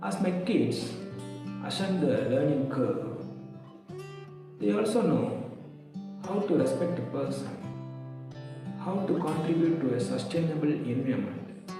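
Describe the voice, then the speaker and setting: A man giving a prepared, measured testimonial as a parent. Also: on the high side, lively intonation. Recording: echoey hall, distant mic, music behind.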